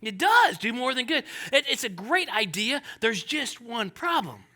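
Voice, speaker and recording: Male pastor, high voice, animated sermon delivery. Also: unhurried. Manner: animated, conversational with jokey asides.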